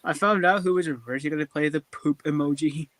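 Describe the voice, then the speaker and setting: A man's voice: a little high, steady tone, quick pace, a bit bright. A man in a casual movie chat, hesitant with many ums.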